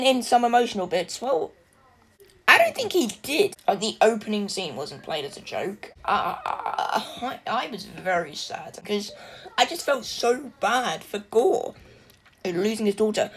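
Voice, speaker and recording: A woman's voice: medium pitch, husky. A young woman giving a casual spoken movie review, chatty and rambling with lots of fillers and restarts.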